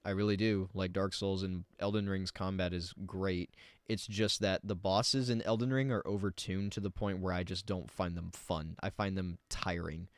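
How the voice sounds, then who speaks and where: A man's voice: deep voice, fairly even intonation, moderate pace, no room sound. A man streaming himself reacting to a video, rambling casually and arguing back at what he hears.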